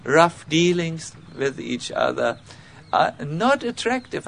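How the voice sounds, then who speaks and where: A man lectures in with a high, very lively voice and a gravelly edge. He talks haltingly, full of fillers and restarts, and pokes fun at himself. A faint hiss sits behind him. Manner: halting, many fillers and restarts, self-mocking. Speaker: spiritual teacher giving a talk. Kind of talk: informal spiritual lecture.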